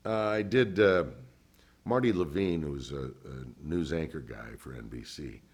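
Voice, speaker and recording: A man's voice: very deep voice, normal speed, breathy edge. An older man, a former radio DJ, telling stories in an oral history interview and acting out the voices of people he quotes. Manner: animated storyteller who acts out others' voices.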